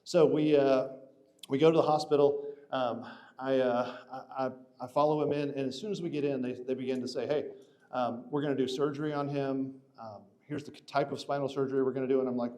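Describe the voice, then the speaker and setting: A man's voice: medium pitch, steady tone, a little fast, a little mellow. A man telling a long personal story in a casual, rambling way, full of restarts and fillers. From Atlanta area.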